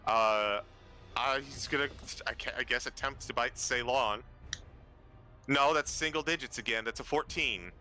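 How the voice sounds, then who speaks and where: A man's voice: mid-range voice, moderate pace, pushed and bright, soft background music. A man running a tabletop game as dungeon master over a voice call, casually calling out rolls and enemy moves.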